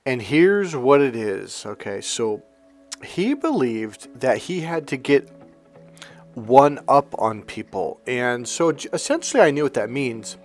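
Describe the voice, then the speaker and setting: A man speaking as a life coach, telling a client story in a lively way and acting out both voices in the exchange. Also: medium pitch, unhurried, soft background music. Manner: animated storyteller, acts out both sides of dialogue. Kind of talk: coaching monologue with anecdote.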